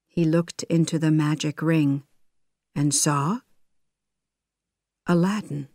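A woman narrating a graded reader story, reading slowly and carefully for learners. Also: deep voice, fairly even intonation, warm tone, no room sound, clean studio sound.

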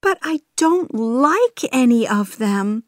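A woman's voice: fairly high pitch, sing-song, slow, dry recording, studio quality, pitched above the performer's own voice. A woman reading a restless young princess. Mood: unhappy.

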